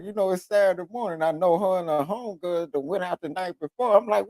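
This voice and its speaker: A man's voice: a little high, brisk, no echo. A man hosting a radio talk show, telling profane, comedic stories and often slipping into the voices of other people. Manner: animated storytelling, switches into voices of others.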